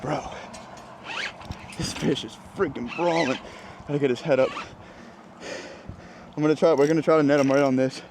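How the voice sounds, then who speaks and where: A man's voice: on the high side, normal speed, pauses often. A man hosting a fishing video, talking energetically and breathlessly as he fights a fish from a bridge. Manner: energetic, exclaiming, breathless bursts. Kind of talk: excited outdoor fishing vlog chatter. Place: outdoors on a bridge over the water. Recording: outdoor wind and water noise.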